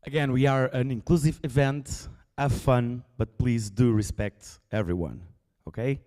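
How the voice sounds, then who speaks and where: A man's voice: mid-range voice, fairly even intonation, a little slow, dark tone. A man with a Portuguese accent giving loose, joking closing remarks as an event organizer on stage. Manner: loose, joking, reads long name lists. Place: large conference auditorium. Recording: echoey hall with crowd behind.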